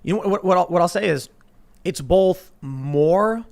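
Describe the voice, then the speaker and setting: A man hosting a podcast, telling stories in a casual panel chat, animated, with frequent restarts. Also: sits high, a little slow, creaky. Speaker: podcast host.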